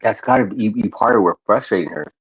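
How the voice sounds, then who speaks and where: Deep, husky man in a dull recording. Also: quick pace, no room sound. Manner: blunt, casual, swearing. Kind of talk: casual chat. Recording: dull muffled dry recording.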